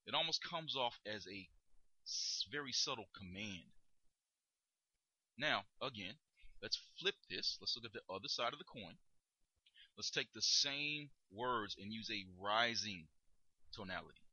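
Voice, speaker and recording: A man coaching listeners on tone of voice, explaining and demonstrating in a lively instructional monologue. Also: lowish voice, measured pace, long pauses, husky, dry recording, lo-fi sound. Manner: demonstrates tones, emphatic and lively delivery. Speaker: dating coach.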